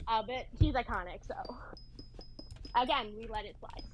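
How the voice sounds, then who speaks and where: A young woman streaming a game and chatting casually, with a vocal fry and a rambling valley-girl lilt full of "like"s. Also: fairly high pitch, normal speed, soft background music. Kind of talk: casual chat while gaming.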